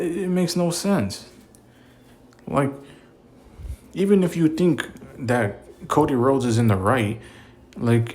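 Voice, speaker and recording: A man's voice: mid-range voice, darkish tone. Exasperated man ranting casually. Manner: exasperated, repetitive, heavy filler words and cursing. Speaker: wrestling commentator. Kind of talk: casual opinion rant.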